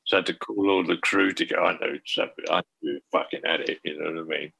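Man, raspy gravel, sharp bright tone, swearing storyteller, lively anecdote. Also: low voice, fast. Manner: profane, animated storyteller. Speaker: former band manager telling a tour story. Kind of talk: casual anecdote.

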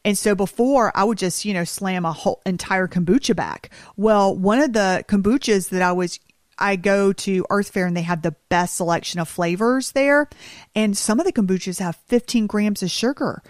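Animated woman podcast co-host, dry sound. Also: medium pitch, normal speed, dry recording. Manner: animated, teasing storyteller. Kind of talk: casual chat.

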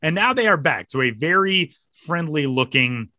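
A man hosting a casual podcast, joking around and quick to laugh. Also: on the high side, no room sound, studio quality. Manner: jokey, animated, quick to laugh. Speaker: podcast host.

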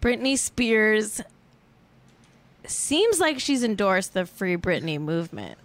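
Young woman, podcast host, tipsy, giggly and rambling, very lively pitch. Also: slow pace, a little hiss or hum. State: a little tipsy. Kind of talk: casual chat.

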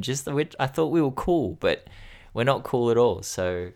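A man's voice: medium pitch, lively intonation, normal speed, vocal fry, a little mellow. A man in his thirties chatting casually as a podcast co-host, frank and joking about hard things, swearing freely. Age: 30s. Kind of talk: casual chat.

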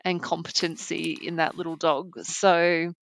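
A woman's voice: fairly low pitch, flat delivery, a little slow, no echo. Chatty Australian woman, dry close sound. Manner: chatty, enthusiastic, thinks aloud with fillers. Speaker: podcast co-host. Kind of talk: casual chat.

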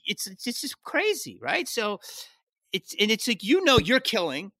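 A man, a comedian guest on a podcast, telling stories in a casual, animated way, swearing and jumping into high-pitched outbursts. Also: moderate pace, dry recording, clean studio sound.

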